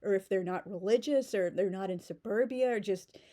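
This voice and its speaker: A woman's voice: medium pitch, normal speed, dark tone. A woman giving a casual spoken book review in a sarcastic, mocking tone.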